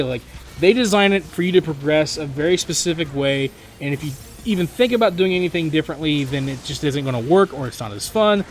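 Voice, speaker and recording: A young man rambling casually to his viewers, with many fillers and restarts. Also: slight background noise. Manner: mimics other players in quick high voices. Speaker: gaming YouTuber. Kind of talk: casual spoken monologue.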